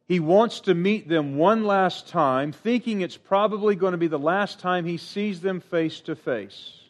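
A middle-aged man preaching a sermon, earnest and emphatic, with sudden rises in pitch and lines that trail off quietly. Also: a little slow.

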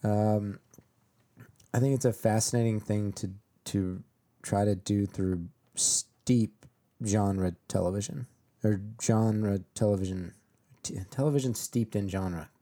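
A man co-hosting a casual TV recap chat, speaking in a measured way with many pauses. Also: lowish voice, dark tone. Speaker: podcast co-host.

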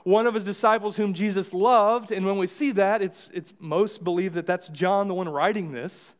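An American man preaching a sermon in a church, speaking in a high-pitched voice. He keeps it casual and conversational, stopping to restart his sentences and acting out little scenes as he goes. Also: fairly even intonation, moderate pace. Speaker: pastor. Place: church sanctuary.

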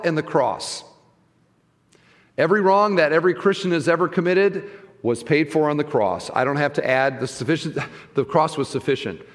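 A middle-aged man preaching a sermon as pastor, conversational, swinging from soft asides to loud emphasis. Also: on the high side, long reverb tail. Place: church sanctuary.

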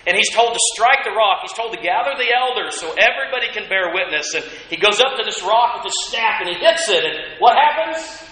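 A man preaching a sermon as pastor, telling a Bible story with animated voices for the complaining people. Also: sits high, heavy reverb, poor audio.

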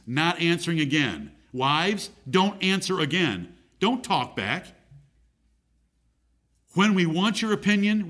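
A man's voice: a little high, fairly bright tone. A middle-aged man preaching a sermon, reading scripture aloud and repeating key phrases for emphasis.

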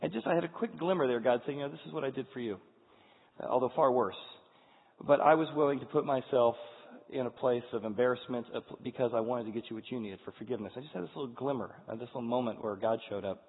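A man's voice: mid-range voice, fast, creaky, slightly rough. A man in his forties speaks to an audience, telling an earnest personal story with frequent restarts. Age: 40s. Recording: tinny, echoey hall sound.

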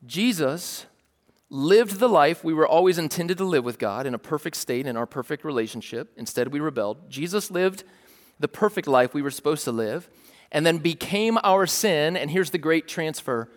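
A young adult man, a pastor, preaching a casual, animated sermon and calling out to the congregation. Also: fairly high pitch, moderate pace, in a large hall. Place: large church hall.

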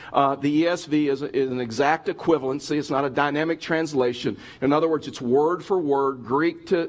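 Middle-aged male pastor preaching earnestly. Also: a little high. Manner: earnest, addressing listeners directly, frequent restarts. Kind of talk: sermon. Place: church service.

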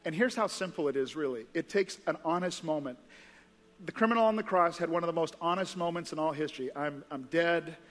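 A man's voice: on the high side, fast talker, a bit bright, big-room sound. A male pastor preaching a sermon in a conversational, earnest way, recorded in a church auditorium. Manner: conversational, earnest, lots of fillers.

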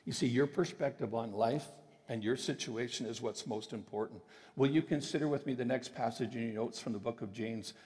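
A man preaching a sermon, emphatic and sometimes slowing his phrases for weight. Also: medium pitch, a little mellow. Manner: emphatic, with deliberate slowed phrases. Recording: long reverb of a large hall.

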